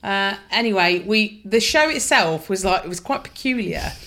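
A woman's voice: medium pitch, animated, normal speed, fairly bright tone. A woman, co-hosting a casual pub-chat podcast, telling a story with frequent laughter. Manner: chatty storyteller, laughing often. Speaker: podcast co-host.

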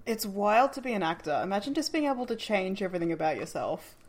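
A woman co-hosting a casual watch-along chat, relaxed and chatty with dry asides. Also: medium pitch, fast. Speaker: podcast co-host.

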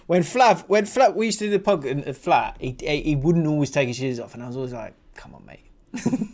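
A man's voice: fairly high pitch, fast, darkish tone. Male co-host, young adult, easygoing, giggly, rambling delivery. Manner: laughs often, rambling restarts. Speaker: podcast co-host. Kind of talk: casual chat, reading listener messages.

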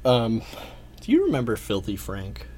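A man's voice: fairly low pitch, wildly swooping pitch, normal speed, darkish tone, a little hiss or hum. A man co-hosting a podcast in casual chat, talking loosely, swearing and laughing between thoughts. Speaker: podcast co-host. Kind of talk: casual cartoon recap chat.

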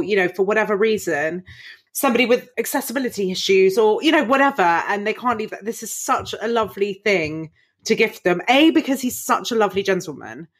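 A woman chatting casually, expressive and jokey. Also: mid-range voice. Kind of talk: casual chat.

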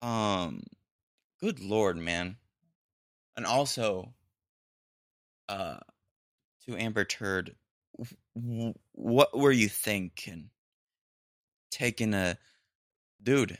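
A man's voice: fairly low pitch, drawn-out words, pauses often, a bit bright, dry recording, clean studio sound. A young man hosting a podcast on his own, rambling with lots of ums and restarts and throwing in crude jokes. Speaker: podcast host. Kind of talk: solo podcast rant.

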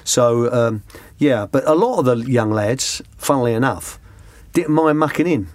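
A man's voice: mid-range voice, animated, normal speed, hardly any pauses, darkish tone, dry recording. Man, middle-aged, anecdotal interview guest, dry close sound. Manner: rambling, restarts, slips into quoted voices. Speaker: former youth coach, interview guest. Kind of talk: conversational anecdotes.

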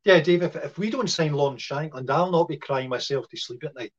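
A man's voice: a little high, brisk. Hesitant man, muffled audio. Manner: hesitant, lots of fillers and restarts. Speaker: podcast co-host. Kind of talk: casual football chat.

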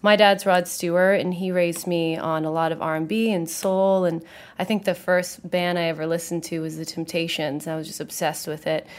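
Young woman, musician, casual chat, relaxed, giggly, teasing. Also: fairly low pitch, moderate pace.

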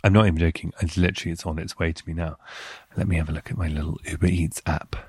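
British male podcast host, low voice, playful chatter, dry close sound. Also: fast, breathy edge, no echo. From United Kingdom. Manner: chatty and playful, with lively swings in pitch. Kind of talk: casual chat.

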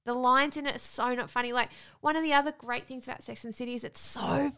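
A woman co-hosting a podcast in casual chat, chatty and animated, laughing often as she tells stories. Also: high voice, fast talker, smooth. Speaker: podcast co-host.

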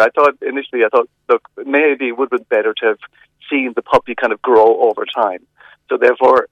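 A man's voice: fairly low pitch, no room sound. Chatty man on a dull phone line. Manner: chatty, hesitant with many restarts, lively emphasis. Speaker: film reviewer. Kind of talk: phone-in film review.

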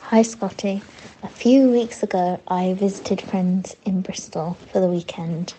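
A woman leaving a shy, soft-spoken voice message to a podcast. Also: mid-range voice, unhurried, background noise.

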